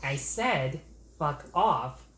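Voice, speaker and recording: A man's voice: on the high side, animated, very slow, bright, forceful tone, full character voice. A man voicing a rude, foul-mouthed male pet parrot that taunts people with cocky insults. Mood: taunting. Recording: roomy echo.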